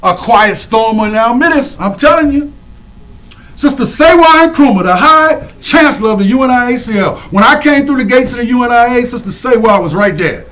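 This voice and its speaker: A man calls out names in animated, preacherly shout-outs. He stretches each name and keeps throwing questions back to the crowd. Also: very high-pitched, low-quality recording. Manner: preacherly call-and-response, animated, drawn-out names. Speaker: speaker honoring community women. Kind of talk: lively shout-outs to audience.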